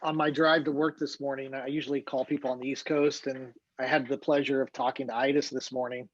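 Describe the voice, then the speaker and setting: A man on a video call, chatting in a relaxed, easygoing way. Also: mid-range voice, a little fast, no echo. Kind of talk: casual chat. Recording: dull dry video-call audio.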